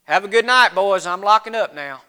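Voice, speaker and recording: A man voicing a skeptical, unimpressed shopkeeper, drawling and deadpan, his voice cracking. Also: high voice, normal speed, clean tone, pitched below the performer's own voice.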